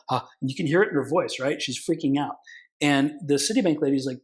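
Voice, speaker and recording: A man's voice: a little high, animated, normal speed, rough recording. Rich: A man in an interview telling war stories from his law practice with plenty of animation. He jumps into the voices of the people he quotes, swears casually and keeps the talk loose and conversational. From California. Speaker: consumer protection attorney, guest.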